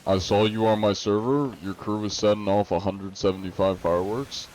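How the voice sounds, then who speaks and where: A young man streaming a game at home, answering chat in an easygoing, rambling way with lots of fillers. His voice sits on the low side, and a faint hiss hangs under it. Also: fairly even intonation, moderate pace, darkish tone, low-quality recording. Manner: laid-back, rambling with fillers. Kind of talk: casual live-stream chat, reading chat questions.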